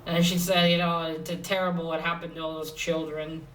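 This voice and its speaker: A woman with a fairly low voice walks through a comic book issue in a loose, chatty way. She hesitates a lot, fills gaps with "uh" and restarts her sentences. She sits a little away from the microphone. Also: flat delivery, a little fast, fairly bright tone, recorded from a distance, slight background noise, low-quality recording. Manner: rambling, hesitant with many fillers and restarts. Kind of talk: casual comic recap.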